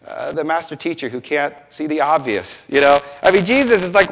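A man's voice: a little high, a little fast, creaky, few pauses. A man preaching a sermon, acting out scenes and quoting voices as he teaches from scripture. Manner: animated, acts out biblical scenes with quoted voices. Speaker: pastor.

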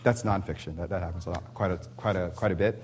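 A man's voice: low voice, fairly even intonation, quick pace, darkish tone, breathy edge. A man in his thirties preaching a sermon, telling a family story and firing off rhetorical questions. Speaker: pastor.

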